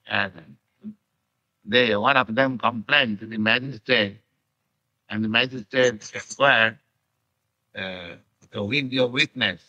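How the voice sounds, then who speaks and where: An older man from India with an Indian accent lectures on scripture in slow, deliberate phrases full of pauses, on an archival 1960s lecture tape. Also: medium pitch, bright, forceful tone, dry recording, muffled recording. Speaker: spiritual teacher.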